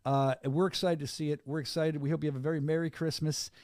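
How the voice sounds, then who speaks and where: A middle-aged man hosting a podcast, joking and animated in casual chat. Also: fairly high pitch, no room sound, studio quality. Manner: animated, joking, fast-talking. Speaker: podcast host.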